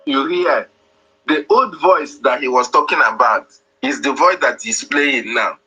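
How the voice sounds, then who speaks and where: A man's voice: medium pitch, a little slow, bright, forceful tone, husky, low-quality recording. A man hosting a live audio room, explaining insistently and repeating his points. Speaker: host.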